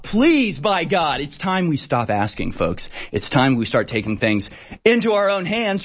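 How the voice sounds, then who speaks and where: An exasperated male talk show host rants through the day's news, his voice sitting a little high for a man. He talks with sarcasm, frequent fillers and short laughs. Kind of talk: ranting news commentary.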